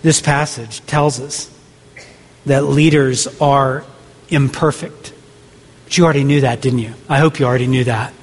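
A man's voice: medium pitch, fairly even intonation, moderate pace, husky. Preaching man in a reverberant church. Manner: conversational, rhetorical questions, frequent restarts. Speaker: pastor. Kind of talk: sermon. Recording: long reverb of a large hall.

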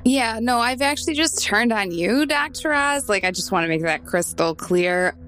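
A woman's voice: fairly high pitch, lively intonation, normal speed, a bit bright, faint music behind. A woman playing a tabletop game, speaking casually and sounding tough when in character. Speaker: player.

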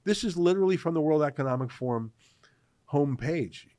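A man from Canada hosting political commentary, talking in an animated, sarcastic way. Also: fairly high pitch, fairly quick, no room sound. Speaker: host.

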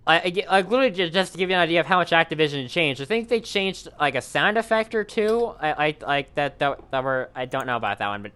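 A man telling a story in a casual podcast chat, rambling quickly with many restarts and fillers. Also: a little high, sharp tone, smooth.

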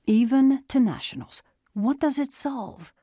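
A woman reading a calm, questioning teenage boy. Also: high voice, breathy edge, dry recording, clean studio sound, pitched above the performer's own voice, full character voice. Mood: probing. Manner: questioning, measured, gently pressing. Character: calm, probing teenage boy, a caring friend.

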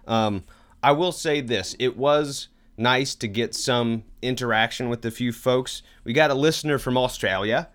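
A man's voice: medium pitch, unhurried, fairly bright tone. Rambling casual male podcast co-host. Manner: rambling, self-deprecating, tries joke accents. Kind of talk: casual chat.

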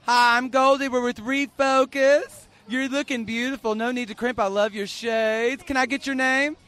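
A man's voice: very high voice, steady tone, normal speed, pushed and bright, no echo. A man hosting street interviews, flamboyant and teasing, calling everyone darling and baby. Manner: flamboyant, teasing, showers people with endearments. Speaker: festival interviewer.

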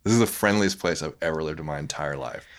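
A man's voice: extremely low pitch, quick pace. A man from South Louisiana, probably in his thirties, chatting casually with loose, profane storytelling and mimicked voices. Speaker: guest. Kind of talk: casual chat.

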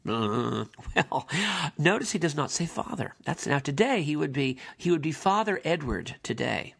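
A man's voice: fairly high pitch, big pitch swings, moderate pace, vocal fry, fairly bright tone, husky. A man giving casual commentary on an old film, conversational and digressive with emphatic asides.

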